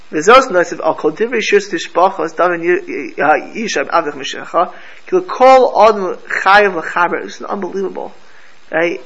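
High-voiced man teaching a lively Torah class. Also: heavy background noise. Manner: animated storyteller mixing Hebrew and Yiddish terms. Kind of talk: Torah class to a live group.

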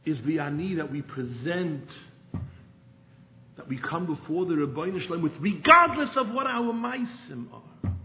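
Brief: male preacher, fervent to hushed, somewhat high voice, tinny phone-line sound with faint hiss. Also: animated, normal speed, echoey room. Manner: impassioned, swinging from near-shouted pleas to hushed storytelling. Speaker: rabbi giving a talk. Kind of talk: sermon.

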